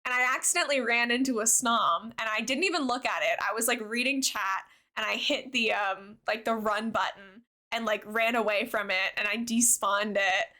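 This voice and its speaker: A woman's voice: on the high side, moderate pace, pushed and bright. A young woman streaming a game, chatting bubbly and giggly with her viewers and reading chat aloud. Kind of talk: casual livestream chat with viewers.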